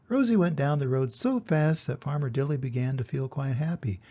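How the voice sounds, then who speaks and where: An older man reads a picture book aloud to children in a gentle, expressive way, lifting his voice for the exciting parts. His voice is slightly husky and sits at an ordinary pitch. The recording is dull and lo-fi. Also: a little fast. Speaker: storybook reader.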